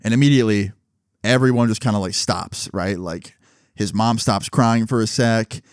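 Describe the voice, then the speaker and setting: A man telling a story in a casual storytime vlog, animated and full of swearing and fillers. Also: lowish voice, moderate pace, no room sound, studio quality.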